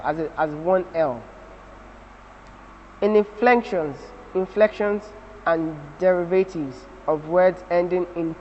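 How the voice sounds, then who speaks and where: A man with a Nigerian English accent teaching a spelling lesson, slowly repeating example words and spelling letters out. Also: high-pitched, a little hiss or hum. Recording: dull audio with long reverb.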